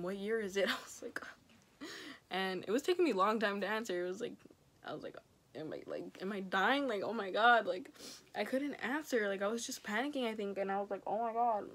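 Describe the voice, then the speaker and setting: Rambling young woman telling a story. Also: medium pitch. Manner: rambling, heavy use of "like"; quiet and subdued in stretches. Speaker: vlogger. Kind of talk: casual storytime.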